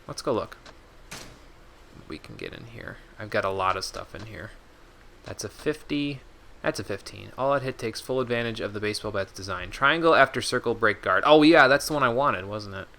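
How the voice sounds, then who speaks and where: A man's voice: on the low side, animated, normal speed, creaky, pushed and bright. A man streaming a video game, reading menu text aloud and chatting casually with his viewers. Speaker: gaming streamer. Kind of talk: casual let's-play commentary.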